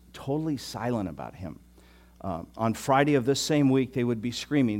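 Playful animated male preacher. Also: medium pitch. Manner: playful, teasing, animated storytelling with sudden loud bursts. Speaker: pastor. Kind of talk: sermon.

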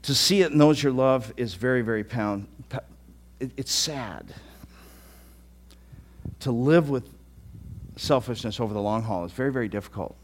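A middle-aged man preaches a sermon to a live congregation. His delivery is conversational and earnest, and he often doubles back on his words and restarts phrases. His pitch sits in an ordinary middle range for a man. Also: normal speed, pauses often. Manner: conversational preaching with frequent word repeats and restarts. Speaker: pastor. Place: church hall with a live congregation.

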